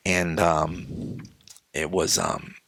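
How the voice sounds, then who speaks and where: A man's voice: very deep voice, very animated, drawn-out words, gravelly, fairly bright tone, dry recording. A man co-hosting a casual chat, rambling through stories and acting out the voices of the people in them, recorded on a close dry mic. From northeastern United States. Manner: rambling storyteller, acts out quoted voices. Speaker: podcast co-host.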